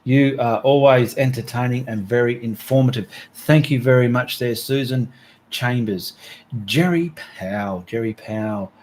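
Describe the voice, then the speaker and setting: A man's voice: mid-range voice, normal speed, a little mellow, slight background noise. An Australian man hosting an art livestream, reading out viewer comments in a friendly, chatty way with slips and restarts.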